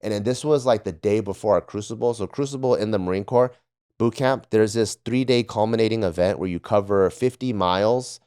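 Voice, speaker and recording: Deep-voiced man telling profane stories. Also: brisk, warm tone, smooth. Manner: profane, laughing, acts out drill instructors. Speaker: podcast panelist, former Marine. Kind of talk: casual storytelling.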